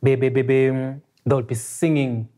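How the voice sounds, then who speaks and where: A woman's voice: a bass voice, fairly even intonation, normal speed, dark tone. A woman with a South African accent, a podcast guest who speaks hesitantly and searches for her words. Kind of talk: podcast discussion.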